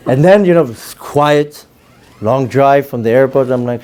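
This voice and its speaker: A man's voice: mid-range voice, moderate pace, noisy background. A middle-aged man giving a rabbi's lecture, telling stories with acted-out quotes and jokes. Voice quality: storytelling with acted-out quotes, joking. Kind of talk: lively Torah lecture.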